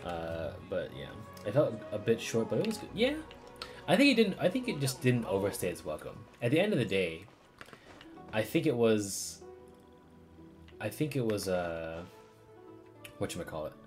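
Low-voiced man casually chatting on stream. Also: sing-song, moderate pace, pauses often, faint music behind. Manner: casual, swears freely, laughs often. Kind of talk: casual gaming commentary.

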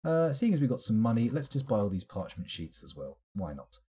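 Dry, husky-voiced man reading game text. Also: on the low side, big pitch swings, warm tone. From United Kingdom. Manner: dry, sardonic asides, drawn-out reading. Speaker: streamer.

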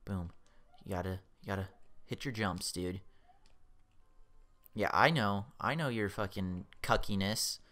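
A young man giving casual, excitable commentary while playing a video game, swearing freely and mocking his own skill. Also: lowish voice, unhurried. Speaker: let's play gamer.

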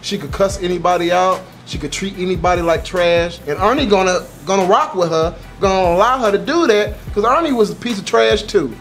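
A young man telling a story about an old job in an animated, profane, exaggerated way for his vlog. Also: high voice, a little fast, hardly any pauses, soft background music. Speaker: YouTuber.

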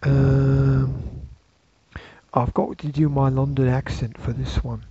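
A man's voice: mid-range voice, flat delivery, takes it slowly, mellow, dull audio, slight background noise. A man hosting a casual live show, playfully reciting movie quotes for a guessing game. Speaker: host.

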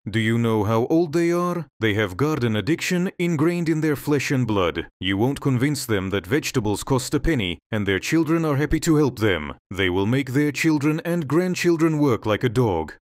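A man's voice: mid-range voice, no echo, close to an everyday voice. Man playing a fed-up nurse, audio storybook, dry close read. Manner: frustrated venting. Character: upset female hospital nurse, weary.

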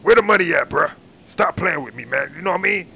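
A man's voice: sits high, lively intonation, fast talker, gravelly, bright, forceful tone, slightly rough. A man doing casual game role-play, talking in a slangy, menacing, taunting way.

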